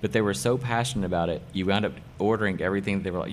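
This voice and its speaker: A middle-aged hairdresser and salon owner being interviewed casually talks very fast in a low voice, with slight background noise. Enthusiastic and emphatic, he drives points home by repeating key phrases.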